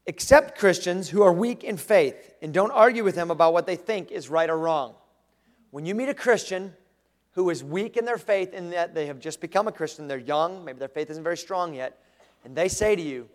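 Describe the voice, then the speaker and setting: A man preaching a sermon as pastor, animated, acting out the voices he quotes. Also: fairly high pitch, a little fast. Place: church sanctuary. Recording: long reverb of a large room.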